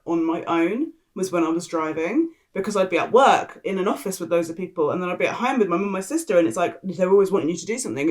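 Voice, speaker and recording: A young woman co-hosting a casual podcast chat, talkative and teasing, laughing as she tells stories. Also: on the low side. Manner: chatty, laughing, teasing storyteller. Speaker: podcast co-host.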